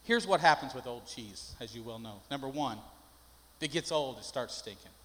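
A man's voice: mid-range voice, animated, normal speed, a bit bright, slight background noise. An older man, a pastor, preaching a sermon with folksy stories that build into emphatic preaching. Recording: long hall reverb.

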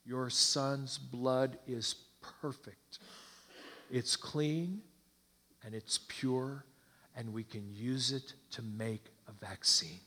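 A man voicing a solemn old male doctor in a sermon story, speaking slowly and quietly. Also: medium pitch, exaggerated voice.

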